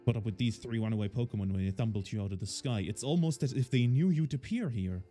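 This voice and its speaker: A man's voice: medium pitch, fast talker, warm tone, faint music behind, lightly acted. A man voicing a fussy, polite middle-aged male professor with old-fashioned formal phrasing, reading game dialogue aloud. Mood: fussy politeness.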